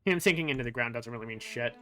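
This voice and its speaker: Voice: mid-range voice, very fast, a bit bright. A streamer giving casual game commentary, musing aloud with frequent fillers and the odd curse. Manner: casually profane.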